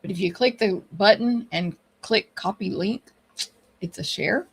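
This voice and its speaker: A woman's voice: medium pitch, measured pace, gravelly, slightly rough. A middle-aged woman with a Texan accent hosts a casual live stream, chatting and greeting viewers one by one by name. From Texas. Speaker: livestream host and papercraft teacher.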